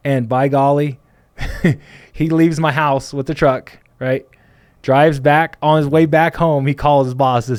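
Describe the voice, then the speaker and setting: A man's voice: a little high, steady tone, measured pace, no echo. A man telling a story in casual conversation, rambling and quoting what people said. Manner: rambling, many fillers and restarts, quotes people. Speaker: podcast host, plumbing business owner.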